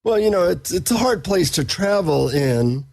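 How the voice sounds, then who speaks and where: A middle-aged man, a psychotherapist and author, chatting as a podcast guest and telling anecdotes in a relaxed, self-deprecating way. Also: high-pitched, normal speed, creaky. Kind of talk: casual interview storytelling.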